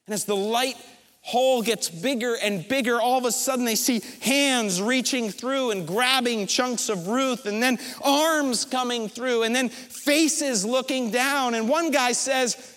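High-voiced male preacher in a reverberant hall. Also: a bit bright. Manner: vivid storytelling with dramatic pauses. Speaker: pastor. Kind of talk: sermon. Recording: long reverb from a large hall.

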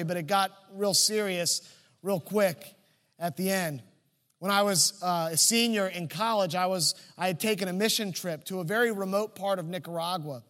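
Pastor, male, high voice, chatty storyteller with jokes, reverb of a big sanctuary. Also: a bit bright. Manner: conversational, humorous storyteller. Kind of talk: sermon with personal storytelling.

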